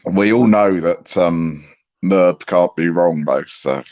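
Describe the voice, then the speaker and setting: A deep-voiced man with an English accent joins a casual online panel as a guest, dry in his humor and quick to laugh. His mic sounds dull and lo-fi. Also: darkish tone. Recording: muffled lo-fi mic.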